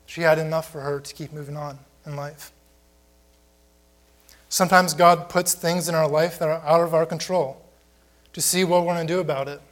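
A man preaching a sermon with a voice pitched a bit higher than most men. He speaks plainly and conversationally and keeps asking the congregation rhetorical questions. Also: steady tone, moderate pace, pauses often. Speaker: pastor.

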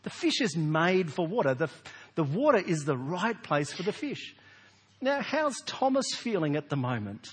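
A man preaches from the front of a large church, his husky voice rising and falling with lively emphasis. He talks to the congregation conversationally, tossing out rhetorical questions. A long reverb trails each phrase. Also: a little high, normal speed. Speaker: pastor. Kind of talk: sermon.

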